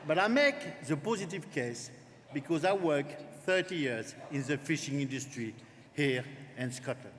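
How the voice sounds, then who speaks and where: A man's voice: on the high side, normal speed. French-accented man speaking in a hall. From France. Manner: warm-up jokes, lively and direct. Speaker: politician addressing a conference. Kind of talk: political conference speech. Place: large conference hall. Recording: long hall reverb, faint noise.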